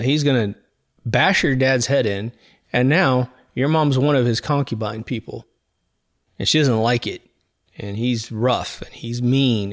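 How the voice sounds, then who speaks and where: Rambling middle-aged man hosting a podcast. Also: medium pitch. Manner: rambling, conversational, frequent asides. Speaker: podcast host. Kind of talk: casual monologue.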